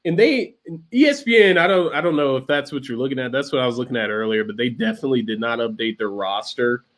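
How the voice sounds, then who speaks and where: A man co-hosting a casual sports podcast, relaxed, with lots of fillers and restarts. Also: mid-range voice, fast talker. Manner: relaxed, many fillers and restarts, laughs often. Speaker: podcast co-host.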